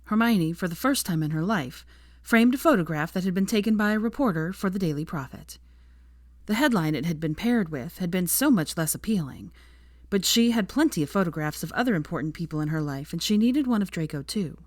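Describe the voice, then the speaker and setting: Female narrator, low register, measured and expressive, dry booth sound. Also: dry recording. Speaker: fanfiction narrator. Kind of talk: scripted narration.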